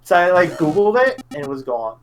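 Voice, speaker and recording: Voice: medium pitch, sing-song, fairly quick. A guest on a gameplay stream call, chatting casually with wisecracks and swearing.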